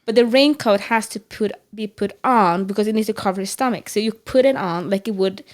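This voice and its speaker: Lady chatting on a podcast, lively, stumbles and restarts a lot, middle-aged. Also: mid-range voice, fairly quick. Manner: animated storytelling, frequent restarts and laughs. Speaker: podcast co-host. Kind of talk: casual chat.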